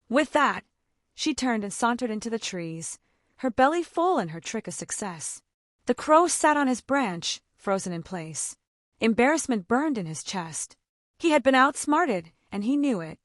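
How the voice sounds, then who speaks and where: A woman storyteller narrating a children's fable with a scripted, gently dramatic reading. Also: fairly high pitch, sing-song, a little slow, no echo, clean studio sound.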